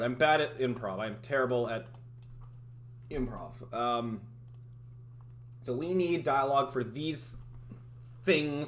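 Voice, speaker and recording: A man's voice: fairly high pitch, fairly bright tone, a little hiss or hum. A man livestreaming as a game developer, rambling and thinking aloud in casual chat, often laughing at himself.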